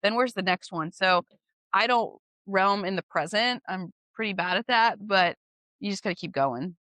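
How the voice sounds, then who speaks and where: Bright, animated woman real estate agent. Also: mid-range voice, moderate pace, no room sound. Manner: animated, chatty, laughs easily; goal-driven, candid. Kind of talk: casual interview chat.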